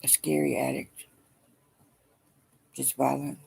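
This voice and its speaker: Middle-aged woman vlogging, dark husky voice, halting and tired sounding. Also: rumbling low, completely flat delivery. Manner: halting, emotional, weary. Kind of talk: personal video diary.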